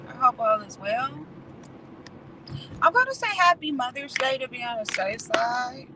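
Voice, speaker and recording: Woman vlogger, frank and salty casual chat, phone mic in a car, steady road noise under her voice. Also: sits high, measured pace. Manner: candid, swearing, laughing, colloquial. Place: in a car at night.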